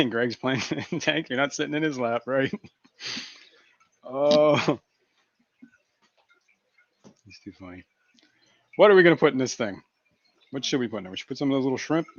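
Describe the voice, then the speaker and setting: A man's voice: mid-range voice, moderate pace, long pauses, no room sound. Brief: male stream host, giggly and loose, dry, muffled lo-fi audio. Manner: giggly, keeps cracking himself up. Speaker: fishkeeping livestream host. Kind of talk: casual live-stream chat. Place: indoor fish room.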